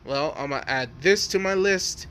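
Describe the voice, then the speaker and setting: Man playing sly teen boy, calm, deadpan, unbothered, bright voice. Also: on the high side, measured pace, clean tone. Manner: calm, unbothered, matter-of-fact. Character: calm, sly teenage boy who teases his friend.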